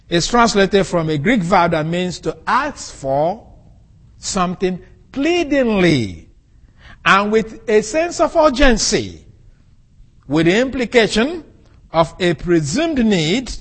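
A man preaching a sermon, teaching from the Bible and explaining Greek words with an animated delivery. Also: slow. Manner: animated, rises and falls sharply in pitch and loudness.

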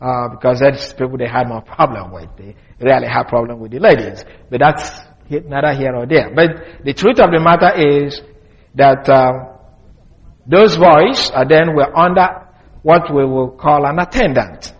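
A man preaching a teaching sermon, explaining words carefully and spelling them out slowly. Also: mid-range voice. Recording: dull, lo-fi sound.

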